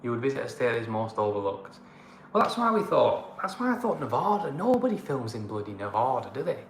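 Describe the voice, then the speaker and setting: A man's voice: mid-range voice, big pitch swings, quick pace, echoey room, a little hiss or hum. Blunt northern English man ranting. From northern England. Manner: blunt, ranting, fond of moaning. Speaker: co-host of a travel channel. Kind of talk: casual livestream chat.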